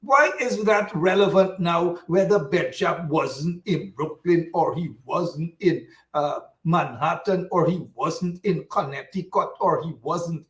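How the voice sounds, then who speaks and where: A man's voice: fairly high pitch, slow pace, few pauses, roomy sound, distant mic, rough recording. A man with a Guyanese accent hosting a casual political talk show, ranting and repeating himself with lots of energy. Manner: animated, repetitive, ranting.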